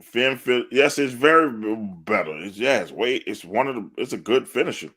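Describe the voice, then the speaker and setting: A man's voice: mid-range voice, lively intonation, normal speed, bright, forceful tone. A man co-hosting a wrestling podcast, talking loosely, cursing and laughing often. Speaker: podcast co-host. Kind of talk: casual wrestling chat.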